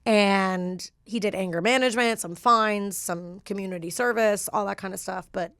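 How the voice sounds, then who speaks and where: A woman's voice: medium pitch, normal speed, fairly bright tone, clean tone, no room sound, studio quality. A woman guest, a stand-up comedian, chatting casually and telling a personal story with lots of fillers and laughs.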